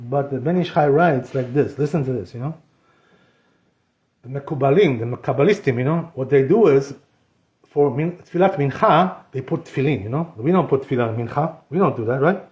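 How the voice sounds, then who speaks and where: Male rabbi, high voice, conversational Torah lesson, echoey hall sound, keeps saying "you know". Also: a little mellow, dull audio. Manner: conversational, constantly says "you know", mixes in Hebrew terms. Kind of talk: informal Torah class. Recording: echoey room.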